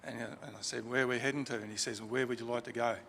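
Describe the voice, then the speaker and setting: Aussie guy with a gravelly voice rambling through a story at a funeral, long echo in the chapel. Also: medium pitch, fairly even intonation, racing, a bit bright, a little hiss or hum. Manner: chatty anecdotal, with fillers and restarts. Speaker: funeral eulogy speaker. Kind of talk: informal storytelling eulogy. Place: crematorium chapel. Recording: reverberant chapel, faint ambience.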